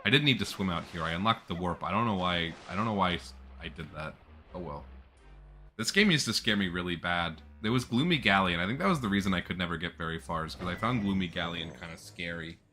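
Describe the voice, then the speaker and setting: A man's voice: deep voice, quick pace, sharp tone, soft background music. A man giving chatty, jokey, casual commentary while playing a video game. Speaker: gameplay streamer.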